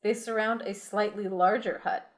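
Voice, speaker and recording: A woman's voice: medium pitch, steady tone, normal speed. A woman hosting a podcast, reading an adventure gamebook aloud to friends in a casual, giggly way that keeps breaking into laughter. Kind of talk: casual read-aloud with banter.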